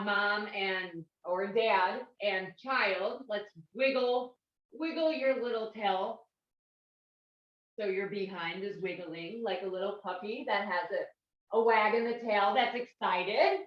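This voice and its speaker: A woman teaching a kids and parent yoga class, guiding poses in a gentle, encouraging way with playful animal sounds. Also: medium pitch. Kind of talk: guided yoga class instruction. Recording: roomy, distant, dull lo-fi sound.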